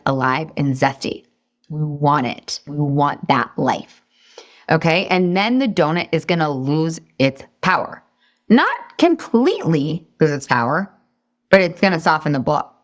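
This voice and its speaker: A woman in her forties who works as a weight loss coach teaches a live online class. She is energetic, chatty and encouraging, jumping into high, excited outbursts.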